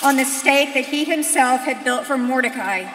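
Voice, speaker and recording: High bright woman reading, echoey hall from afar. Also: moderate pace, heavy background noise. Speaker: Megillah reader. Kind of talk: dramatic scripture reading to a congregation. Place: large synagogue sanctuary. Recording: echoey hall, voice distant from mic.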